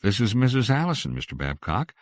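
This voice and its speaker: A man's voice: lowish voice, very animated, a little fast, dry recording, clean studio sound, pitched above the performer's own voice. A man voicing a polite middle-aged wife who talks with strained, placating patience. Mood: patient.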